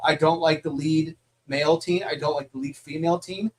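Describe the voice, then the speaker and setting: A man co-hosting a comics podcast who rants bluntly and swears freely. His voice is a little high, and he acts out his own reactions in an animated, casual way. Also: normal speed. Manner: blunt, profane, animated ranting. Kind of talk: casual chat.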